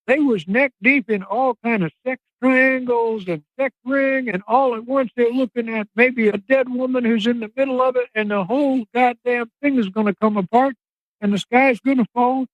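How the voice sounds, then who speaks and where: Older guy, pretty high voice, dry close sound, spinning a theory and doing the voices. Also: moderate pace, no room sound, lo-fi sound. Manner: dramatic, acts out quoted voices. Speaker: investigative reporter, podcast guest. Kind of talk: speculative storytelling.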